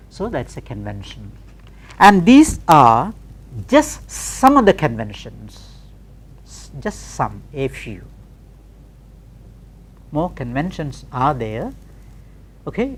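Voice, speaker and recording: A middle-aged woman teaching pronunciation, spelling words out letter by letter and repeating them carefully. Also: low voice. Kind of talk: slow recorded classroom lesson.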